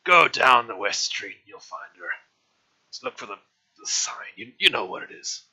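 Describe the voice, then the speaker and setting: A man voicing a burly, gruff male butcher with a breathy, half-whispered growl. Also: mid-range voice, very animated, normal speed, sharp tone, heavily acted.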